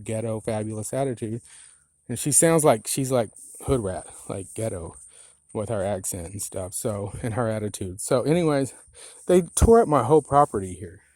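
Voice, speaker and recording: A man's voice: mid-range voice, a little mellow, no echo. Brief: irritated man, outdoor phone vlog, dry close sound, profane and rambling. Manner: agitated, profane, rambling with many "you know"s. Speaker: property owner filming a complaint. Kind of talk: angry handheld vlog rant. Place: outdoors on rural land.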